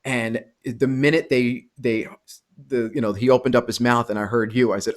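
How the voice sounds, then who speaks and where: A man in his forties hosts a podcast in a relaxed, conversational voice at an ordinary pitch. He asks his questions like an eager fan. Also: moderate pace. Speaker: podcast host. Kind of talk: podcast interview.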